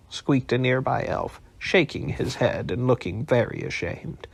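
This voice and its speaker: A man reading an audiobook aloud in a calm, unhurried bedtime style. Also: mid-range voice, creaky, slight background noise. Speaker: audiobook narrator.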